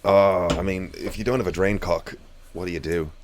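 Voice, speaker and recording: A man in his thirties co-hosting a podcast, chatting casually with dry, relaxed banter. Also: low-pitched, normal speed. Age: 30s. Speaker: podcast co-host. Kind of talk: casual chat.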